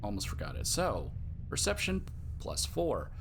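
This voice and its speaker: Chatty gamer with a lively voice. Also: male voice, medium pitch, a little slow, slight background noise. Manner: chatty, amused, reads dialogue options aloud. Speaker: gamer playing and commenting. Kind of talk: casual gameplay commentary.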